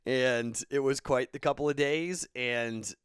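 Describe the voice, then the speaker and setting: A man's voice: medium pitch, slow pace, clear, resonant tone, no room sound, clean studio sound. A man in his thirties, a podcast host, telling a casual rambling story and then giving betting picks, tired and self-correcting.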